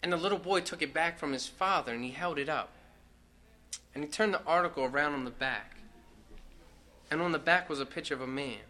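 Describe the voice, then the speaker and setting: Give me a man telling his personal recovery story in a casual, rambling way, with a bright, forceful voice. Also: a little high, fairly quick, long pauses. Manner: casual, profane, full of fillers. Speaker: speaker sharing at a recovery meeting. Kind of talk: personal testimony share.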